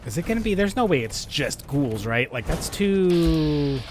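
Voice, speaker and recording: A man's voice: fairly high pitch, very animated, measured pace, background noise. A man streaming a game, chatting casually with viewers, rambling and laughing often. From United States. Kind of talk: casual gaming stream chat.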